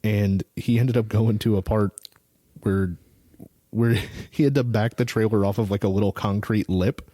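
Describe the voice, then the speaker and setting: A man's voice: lowish voice, steady tone, normal speed, dark tone, no echo. A man co-hosting a podcast, telling stories casually and joking, with free swearing. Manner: joking storyteller, swears freely. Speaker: podcast co-host. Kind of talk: casual chat.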